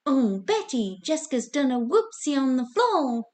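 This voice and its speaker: A woman putting on a bumbling, wimpy, whiny sitcom man, with a quavering, plaintive voice and drawn-out whining. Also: high voice, big pitch swings, darkish tone, voice pushed up.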